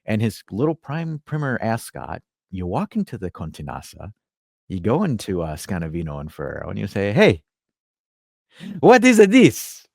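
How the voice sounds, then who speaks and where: A ranting, sarcastic man hosts a sports podcast in casual chat. His pitch swings widely as he mocks and swears. The recording sounds close and dry. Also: big pitch swings, fairly quick, creaky, a little mellow, no echo. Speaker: podcast host.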